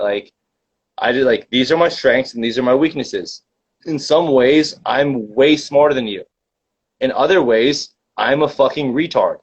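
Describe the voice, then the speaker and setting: Young male co-host, mid-pitched, rambling filler-heavy chat, dull recording. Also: unhurried, slightly rough. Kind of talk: casual chat. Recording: dull lo-fi sound.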